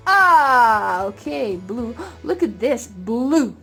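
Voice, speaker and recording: A woman teaches a phonics lesson to small children, speaking slowly and stretching each sound. Her voice sits fairly high, and she breaks in with playful gasps. Faint music plays underneath. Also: expressive, reverberant, distant mic. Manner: slow, drawn-out sounds with playful gasps, switching between English and Spanish. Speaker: kindergarten teacher.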